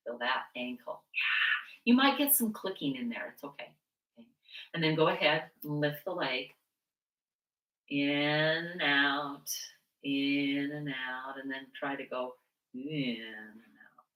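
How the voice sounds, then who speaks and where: Bright-voiced woman leading chair yoga. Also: very deep voice. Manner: chatty, mixes personal stories with movement cues. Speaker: yoga instructor. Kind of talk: guiding a seated chair yoga class. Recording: echoey room, mic at a distance.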